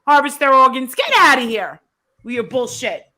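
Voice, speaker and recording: A woman on a live stream speaks with a high, bright voice. She rants bluntly and swears freely in heated casual chat. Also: expressive, moderate pace. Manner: blunt, profane, ranting.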